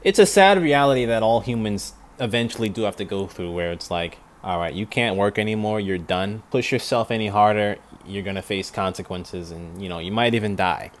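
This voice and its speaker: A man's voice: lowish voice, a little fast, few pauses. A young man, an animator, chatting casually and rambling as he reacts to a film. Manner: rambling, thinks aloud with restarts.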